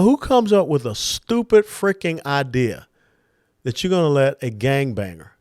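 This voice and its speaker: A man of middle pitch delivers a political monologue, driving his points home with sharp, punchy stresses. The sound is dry and close, with no room around it. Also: dry recording. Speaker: political commentator hosting a monologue.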